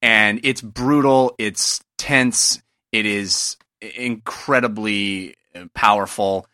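A podcast host joins remotely over Skype, his lowish, steady voice slow, pushed, and bright on a dry recording, but glitchy and robotic. He chats casually, laughing and using fillers.

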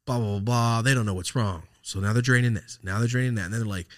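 A man's voice: lowish voice, quick pace, dry recording, studio quality. A man hosting a podcast, telling a rambling personal story in casual, profane talk and acting out the texts he quotes. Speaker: podcast host.

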